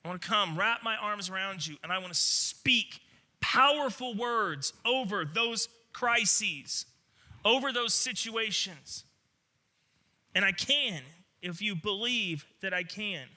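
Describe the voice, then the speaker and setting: A powerful, reassuring savior speaks in a fervent, insistent voice during a sermon, as a preaching man puts him on. The tone climbs high and rings bright and forceful. Each line presses its promise home. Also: animated, takes it slowly, exaggerated voice. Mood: tender.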